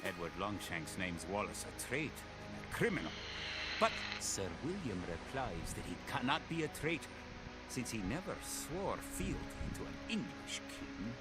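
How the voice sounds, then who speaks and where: A man narrating a game cinematic in a solemn, measured storyteller voice. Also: lowish voice, very animated. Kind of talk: scripted narration. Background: loud game music.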